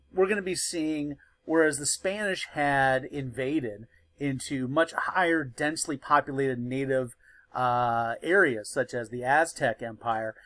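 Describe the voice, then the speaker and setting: A man's voice: medium pitch, fairly bright tone, dry recording. A male history teacher lecturing in a loose, conversational way, with many fillers and restarts.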